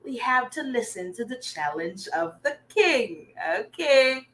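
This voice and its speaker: A woman's voice: a little high, big pitch swings, measured pace, a bit bright, rough recording. A young woman, teaching an online reading lesson in an upbeat way, praising students and answering their comments. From Philippines. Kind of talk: livestreamed remedial reading lesson.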